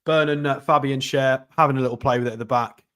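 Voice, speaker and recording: A man hosting a live football watchalong, chatty and excitable, reading out and thanking viewer messages. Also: medium pitch, fast talker, clear, resonant tone. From North East England. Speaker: football channel host. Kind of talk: live match watchalong commentary.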